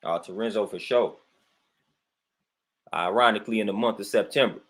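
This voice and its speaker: Male livestream host on a repetitive, emphatic rant, peppered with "man" and shout-outs to chat. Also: on the low side, moderate pace. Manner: greets viewers in chat between points.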